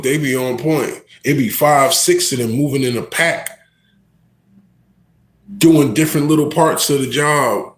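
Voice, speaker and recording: A man rapper telling a story on a casual livestream, animated and slangy, often turning to the listener. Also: mid-range voice. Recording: echoey room.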